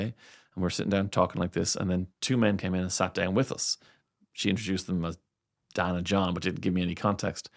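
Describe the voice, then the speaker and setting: Speaking in a low, creaky voice, this Irish man in middle age works as a radio presenter. In a relaxed interview he spins lively stories and performs each quoted voice himself.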